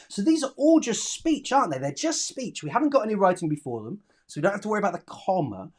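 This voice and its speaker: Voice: medium pitch, sing-song, fast talker, few pauses. Schoolteacher, upbeat and praising, live online class for kids. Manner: encouraging, praising, reads out answers. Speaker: primary school teacher. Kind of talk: live online lesson for children.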